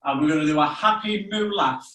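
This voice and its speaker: A man leading children through a playful movement game, coaxing and animated, breaking into loud playful moos. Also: on the high side, fairly quick. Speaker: children's activity leader. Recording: echoey room, mic far off.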